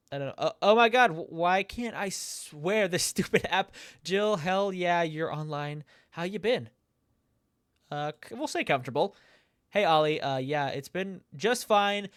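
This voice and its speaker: A man talking through a game he is playing, reading the chat messages aloud in a casual, conversational way. His voice sits a little high for a man and sounds close and dry, with no room echo. He reacts out loud as he goes, laughing and now and then swearing. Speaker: let's play gamer.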